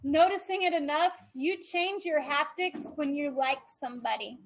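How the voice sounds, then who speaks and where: Very high-voiced woman teacher. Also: normal speed, rough recording. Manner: explains step by step, checking in with "okay?"; firm with chatty students. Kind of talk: classroom lecture. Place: classroom.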